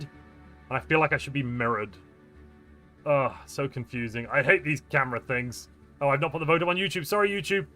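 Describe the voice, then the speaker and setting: Bright-voiced chatty male streamer. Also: on the high side. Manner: chatty, answers viewer chat, playful and jokey. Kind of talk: live-stream chat while gaming.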